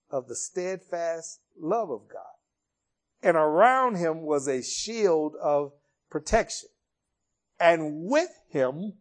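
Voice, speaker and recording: A man preaching a sermon, retelling a Bible story in an expressive storytelling way. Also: high voice.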